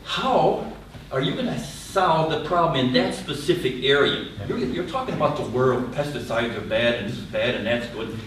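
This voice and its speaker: A man's voice: mid-range voice, expressive, normal speed, fairly bright tone. Older man, Southern American accent, blunt and exasperated, heard from afar in an echoey hall. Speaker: audience member, professor emeritus. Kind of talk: public panel discussion comment. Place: large lecture hall. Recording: echoey hall, distant mic, faint noise.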